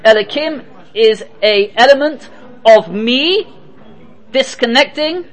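A man giving a spoken Torah class, telling stories lively and mixing Hebrew and Yiddish terms into his English. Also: extremely high pitch, slow. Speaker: Torah teacher.

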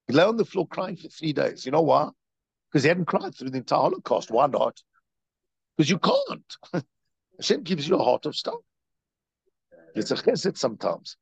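Brief: male rabbi lecturing, husky, lively pitch, dry slightly muffled sound. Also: moderate pace, long pauses, no room sound. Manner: animated, repetitive storytelling with rhetorical questions. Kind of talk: Torah lecture.

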